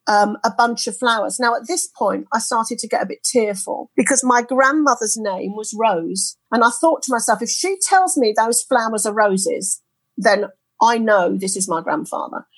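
Animated British woman telling a story. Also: a little high, no room sound, rough recording. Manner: animated storyteller who quotes others in lively voices. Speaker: interview guest, spirit artist. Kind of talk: storytelling in a podcast interview. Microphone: headset earphones.

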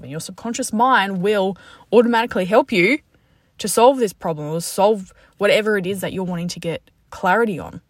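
A woman's voice: fairly low pitch, dry recording. A woman hosting a podcast, chatty, upbeat and candid in a casual motivational talk, recorded in a parked car. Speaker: podcast host. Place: parked car after the gym.

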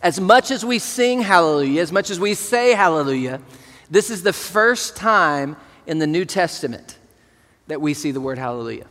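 A man's voice: a little high, animated, normal speed, a bit bright, big-room sound. A man preaching a sermon as pastor, earnest and leading the congregation, with words he often repeats.

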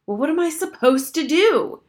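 A woman's voice: fairly high pitch, lively intonation, fairly quick, voice pushed up. A woman reading aloud and voicing a blunt, defiant eleven-year-old girl in a storybook. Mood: exasperated. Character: spy-minded sulky 11-year-old girl.

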